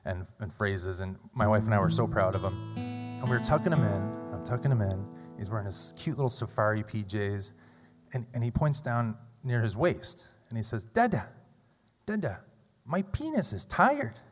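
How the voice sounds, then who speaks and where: A man in his thirties telling a funny, self-deprecating story live on stage at a story slam, with loud bursts. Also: lowish voice, moderate pace, music in the background. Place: large theater stage. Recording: long hall reverb.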